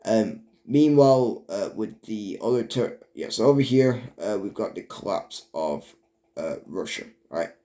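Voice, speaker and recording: A man narrating a strategy game, halting, with many fillers and restarts. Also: on the low side, expressive, mellow. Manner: stumbles over words. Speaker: video narrator. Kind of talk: casual game commentary.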